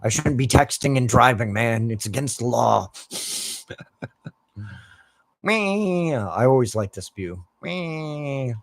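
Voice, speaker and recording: A man's voice: mid-range voice, moderate pace, vocal fry, breathy edge. A man from the United States ranting over gameplay as a gaming streamer, in heated, heavily profane rambling talk.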